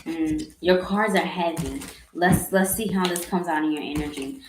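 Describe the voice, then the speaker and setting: A woman giving a live tarot reading in a slow, earnest, halting way, with sighs and repeated words. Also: low voice, noisy background. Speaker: tarot reader. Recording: echoey room.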